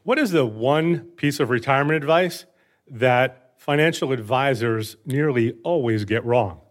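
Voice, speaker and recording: A man's voice: medium pitch, unhurried. Middle-aged man explaining finances. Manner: confident, explanatory, light chuckles. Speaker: contestant, financial advisor. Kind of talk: explaining on a quiz show.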